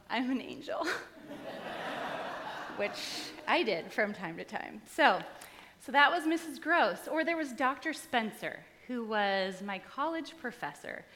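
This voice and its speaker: In a church sanctuary with long, large-hall reverb, a woman pastor with a fairly high, bright, forceful voice preaches a sermon. She tells stories from her own life in an easy, conversational way, adding touches of light humor.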